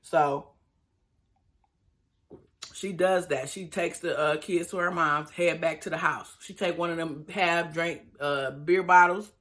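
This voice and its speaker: A woman's voice: low-pitched, fairly even intonation, takes it slowly, fairly bright tone. A woman recapping a reality show in a chatty, sassy way, acting out the cast's lines. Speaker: reality TV reviewer. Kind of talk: casual recap commentary.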